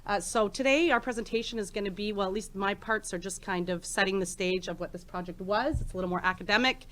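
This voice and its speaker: With a mid-range, fairly bright voice, a fast-talking woman in her forties gives an informal conference presentation of her research. She fills it with ums and restarts, speaking into a handheld microphone in a conference room.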